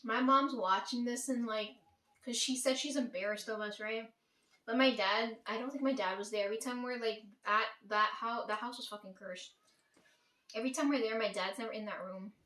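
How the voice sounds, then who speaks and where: A woman's voice: a little high, moderate pace, pushed and bright, distant mic. A woman telling a family story to her viewers in a blunt, profane, emphatic way, often asking "right?". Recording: echoey room.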